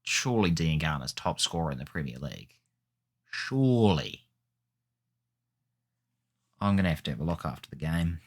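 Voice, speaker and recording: A man's voice: very deep voice, fast, few pauses, a bit bright. A man hosting a gaming video, giving chatty, rambling commentary that often corrects itself. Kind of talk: casual gameplay commentary.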